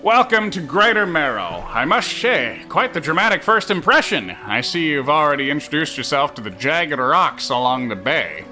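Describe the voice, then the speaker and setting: A pompous harbor master greets a newcomer in a raised, theatrical, formal voice, as a man reads him out. The tone is bright and forceful, pitched well above the speaker's own. Faint game music plays underneath. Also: sing-song, normal speed, hardly any pauses, exaggerated voice. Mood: grandiose.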